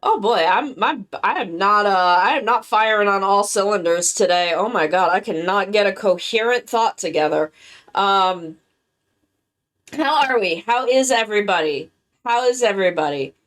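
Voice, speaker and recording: A worn-out woman chatting casually with her live-stream viewers, halting and rambling as she recovers from being sick. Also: medium pitch, animated, a bit bright. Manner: rambling, halting, with many restarts. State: worn-out and tired, recovering from illness.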